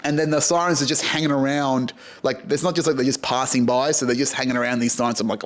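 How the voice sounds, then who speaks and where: A man's voice: medium pitch, steady tone, quick pace, hardly any pauses. A man with an Australian accent hosting a podcast, rambling through a casual, sweary monologue and laughing at his own jokes. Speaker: podcast host.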